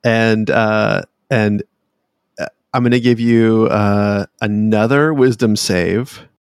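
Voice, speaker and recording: A man runs a tabletop game in a lowish, gravelly voice, pausing and hedging often. He talks hesitantly, with many fillers. The recording is dry and close. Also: dry recording. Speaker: game master.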